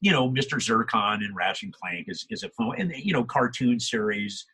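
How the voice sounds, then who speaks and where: An older male voice actor chatting in an interview, animated, laughing often and acting out quotes. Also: mid-range voice, moderate pace, slightly rough. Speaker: voice actor guest. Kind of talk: casual interview chat.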